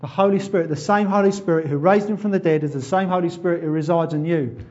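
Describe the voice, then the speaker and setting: Impassioned preacher, muffled recording. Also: male voice, on the high side, quick pace. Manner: impassioned, rhetorical questions, builds to loud exhortation. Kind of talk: sermon.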